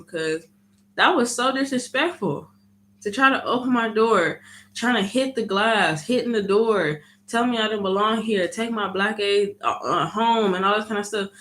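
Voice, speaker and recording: Bright-voiced woman telling a story. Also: mid-range voice, moderate pace. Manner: animated storytelling, frequent "you know what I mean"; acts out quoted dialogue. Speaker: vlogger. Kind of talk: casual storytime vlog.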